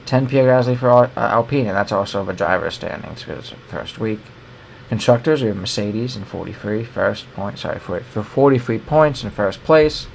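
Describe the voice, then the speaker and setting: A young American man chatting casually about motor racing, loose and opinionated, tripping over his words and correcting himself as he goes. His voice sits low and a bit gravelly, with a faint hiss behind it. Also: a little mellow. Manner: rambling and opinionated, with many fillers and self-corrections. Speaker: sports show co-host. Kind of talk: casual sports commentary.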